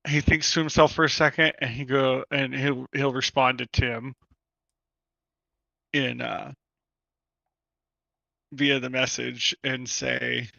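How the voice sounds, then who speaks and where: A man playing a tabletop game, describing what his character does in a relaxed, halting way full of fillers. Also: mid-range voice, creaky, no room sound, muffled recording. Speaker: player.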